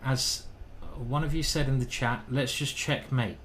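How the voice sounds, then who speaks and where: A man's voice: medium pitch, steady tone, measured pace, fairly bright tone, slight background noise. A man giving casual live-stream chess commentary, thinking aloud and chatting with his viewers. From United Kingdom.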